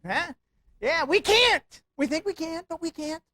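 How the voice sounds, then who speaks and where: A middle-aged man giving a security awareness talk with humor to a live audience, animated, telling stories and tossing rhetorical questions at the crowd. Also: very high voice, moderate pace, no room sound. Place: meeting room before live audience.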